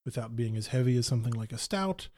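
A man co-hosting a casual chat, wry and hesitant, drawing out his words with pauses. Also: medium pitch, animated, darkish tone.

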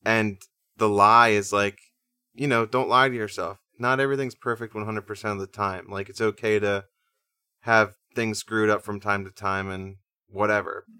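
A man co-hosting a music podcast, casually explaining things in a relaxed way. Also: fairly low pitch, moderate pace, smooth, no echo, clean studio sound. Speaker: podcast co-host.

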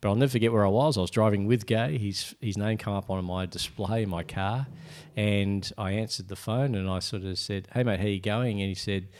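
A man's voice: on the low side, fairly quick. A middle-aged man, an author telling his story in a casual interview and acting out the voices of people he quotes. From Australia. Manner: animated, acts out quoted voices.

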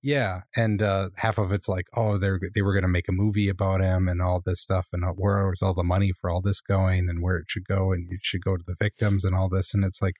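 A man's voice: low voice, flat delivery, brisk, hardly any pauses, a little mellow, dry recording, studio quality. A man co-hosting a podcast, rambling and opinionated, full of fillers. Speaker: podcast co-host. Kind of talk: casual chat.

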